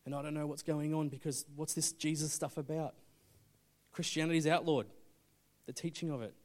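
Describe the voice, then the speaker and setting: A man preaching a sermon, telling a story and swinging between urgent loud appeals and hushed, intense moments. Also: fairly high pitch, fairly even intonation, normal speed. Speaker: pastor.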